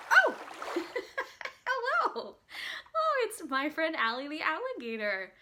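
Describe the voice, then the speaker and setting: A woman teacher leading a playful children's phonics lesson, singing songs and slowly sounding out words. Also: fairly high pitch, pushed and bright.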